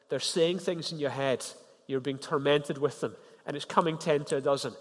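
A man preaching a sermon, animated, rising in pitch and loudness to press his points. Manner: animated, rises in pitch and volume for emphasis. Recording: long hall reverb.

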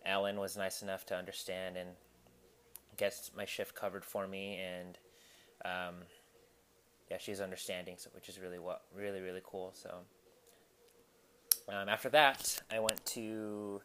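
Recording at home in his apartment amid household noise, a young man hosting a podcast talks candidly and loosely through a personal story. His voice is somewhat low yet fairly bright, with a level tone and a slightly slow pace, and he pauses often, restarting and filling gaps with ums.

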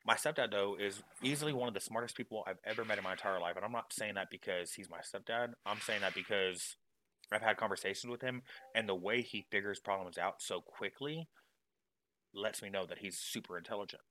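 A man hosting a casual podcast, spinning a long family story with plenty of self-deprecating asides. His voice sits a little low but has a bright, forward tone. The delivery is loose and chatty. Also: a little fast, a little hiss or hum, poor audio. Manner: rambling, self-deprecating, jokey. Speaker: podcast host.

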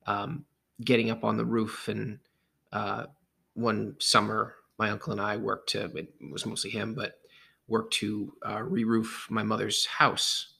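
A man co-hosting a casual podcast with his wife, easygoing with dry jokes and halting restarts. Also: on the low side, completely flat delivery, creaky, sharp tone, breathy edge. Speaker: podcast co-host, father. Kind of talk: casual chat.

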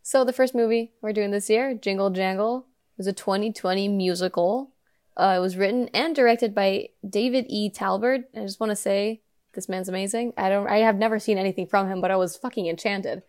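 A woman's voice: mid-range voice, fairly quick, a little mellow. Giggly young woman co-hosting a podcast. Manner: giggly, swears casually. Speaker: podcast co-host. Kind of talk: casual chat.

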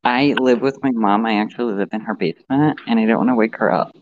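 A man in his thirties co-hosting a casual podcast, joking and often jumping into high-pitched impressions. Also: fast, phone-quality sound, slight background noise. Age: 30s. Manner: animated, jokey, slips into high-pitched impressions. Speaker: podcast co-host and editor.

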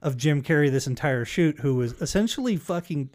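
A man's voice: fairly high pitch, animated, fairly quick, darkish tone. A man telling a story in casual chat, swearing freely and acting out the quotes. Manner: profane storyteller, acts out quotes.

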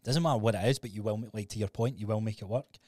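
A man co-hosting a podcast, telling stories in a sweary, animated, casual way. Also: fairly low pitch, very fast, no echo. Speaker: podcast co-host.

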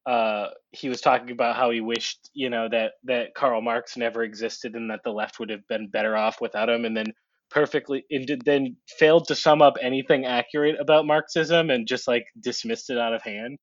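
A man's voice: medium pitch, fairly even intonation, moderate pace, no echo. A man hosting a casual book podcast, rambling and profane, filling his talk with fillers and laughs. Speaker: podcast host. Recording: dull dry lo-fi audio.

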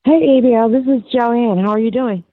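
A woman's voice: a little high, a little fast. A woman calling into a show, speaking hesitantly with many fillers. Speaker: caller. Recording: tinny phone line.

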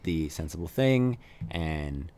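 Deep-voiced man in casual chat. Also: expressive, slow pace, a little mellow. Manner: rambling, filler-heavy, laughs often. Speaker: podcast co-host. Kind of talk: casual chat reviewing a movie.

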